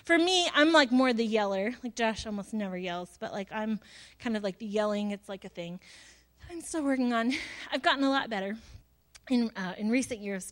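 A woman's voice: a little high, animated, brisk, fairly bright tone. A woman in her thirties, a pastor giving a casual, chatty sermon with lots of fillers and self-deprecating asides.

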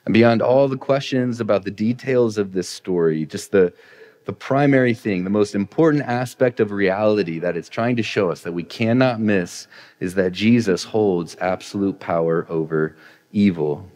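Low-voiced pastor in an echoing church. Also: male voice, moderate pace, darkish tone. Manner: chatty, self-deprecating humor, builds to emphatic points. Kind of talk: conversational sermon. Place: church sanctuary. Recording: long hall reverb.

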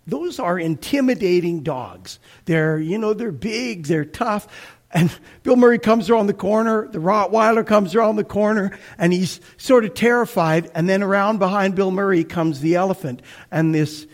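A middle-aged man preaching a sermon to his congregation, talking conversationally, with animated swells and hushed moments. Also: high voice, moderate pace. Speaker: pastor.

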